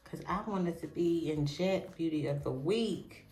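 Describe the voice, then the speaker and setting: A woman from in her forties, chatting casually and excitedly as she shows off old keepsakes to her viewers. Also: lowish voice, a little fast, hardly any pauses. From Pittsburgh, USA. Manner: chatty, tickled, easily excited. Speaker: vlogger. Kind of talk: casual nostalgic show-and-tell. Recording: echoey room with soft background music.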